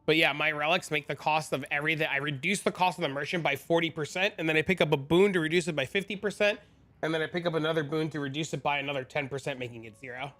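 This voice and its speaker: Male streamer, casual profane banter, high bright voice. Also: fast talker. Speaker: game streamer. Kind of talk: casual live-stream chat.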